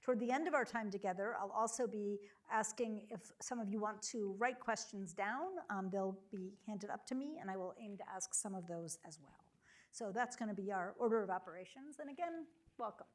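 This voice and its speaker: A middle-aged woman moderating a public conversation before an audience, welcoming and relaxed with frequent ums and uhs. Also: mid-range voice, a little fast. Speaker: university chancellor moderating a campus conversation. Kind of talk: hosting a public onstage conversation. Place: lecture hall before a live audience.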